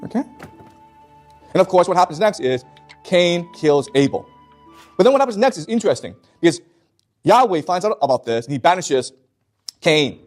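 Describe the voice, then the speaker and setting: A man's voice: high voice, very animated, moderate pace, faint music behind. A man teaching a class in an emphatic way, often stopping to check that his students follow. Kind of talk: classroom lecture.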